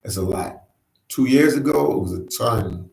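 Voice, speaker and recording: A man's voice: mid-range voice, expressive, moderate pace, gravelly, a little mellow, reverberant, poor audio. A man hosting a casual livestream, reading viewer comments and chatting in an easygoing way, repeating himself and often saying "man". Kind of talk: casual live chat. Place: New York.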